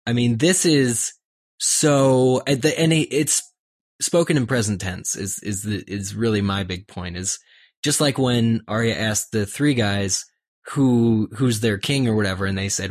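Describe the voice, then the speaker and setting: A man's voice: fairly low pitch, unhurried, dry recording, clean studio sound. A man co-hosting a casual book discussion podcast, who reads passages aloud and restarts his sentences often. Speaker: podcast co-host.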